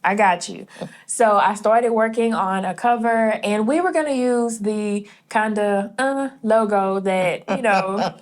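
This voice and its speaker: A woman hosting a casual conversation with a brisk, chatty delivery, quoting others in a softer voice. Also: medium pitch. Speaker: host, brand designer.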